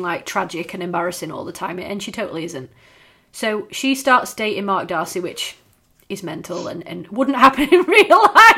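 A woman's voice: mid-range voice, bright, forceful tone. A woman, chatting casually and swearing freely as a podcast co-host. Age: 30s. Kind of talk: casual chat.

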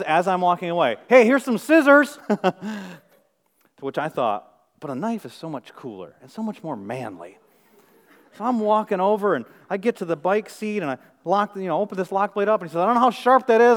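A man in his thirties preaches at a rapid clip, his voice sitting a little high. He tells his story with animated, self-mocking humor, acting out the quotes. A long reverb trails his words through a large hall. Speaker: pastor. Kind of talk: storytelling sermon.

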